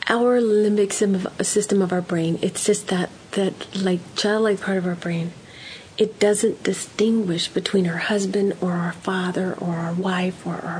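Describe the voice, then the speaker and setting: A woman's voice: mid-range voice, fairly even intonation, measured pace, slight background noise, poor audio. A woman giving parenting advice in an earnest, emphatic way, acting out example conversations. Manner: warm, earnest, emphatic, acts out example dialogues. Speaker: parenting counselor guest.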